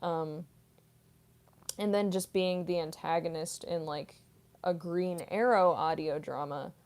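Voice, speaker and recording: A young woman voice actress answers fan questions in a relaxed, rambling way. She leans on filler words as she explains technique. Her voice sits a little lower than most women's. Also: unhurried. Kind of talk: casual Q&A vlog.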